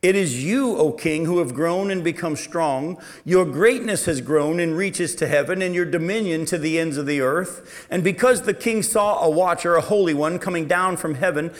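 Preaching at normal speed with hardly any pauses, this man's voice sits slightly higher than typical for men. He reads and explains scripture, poses questions to his listeners, and shifts animatedly between loud emphasis and quiet asides.

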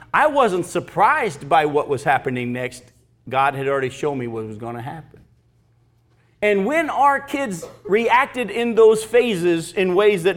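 A man in his fifties preaching with a high, lively voice that rises and falls widely. He presses his points emphatically and slips easily into personal stories for his congregation. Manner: emphatic, animated preaching with storytelling. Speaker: pastor. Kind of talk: sermon.

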